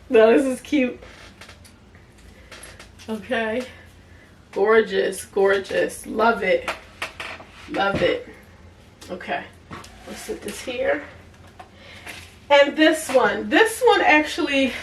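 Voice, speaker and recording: Casting note: woman, unhurried and chatty, voice set back from the mic in an echoey room. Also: fairly high pitch, a bit bright. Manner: chatty, talks to viewers as y'all, easy laughs. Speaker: vlogger reviewing products. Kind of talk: casual unboxing review. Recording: echoey room, a bit far from the mic, faint noise.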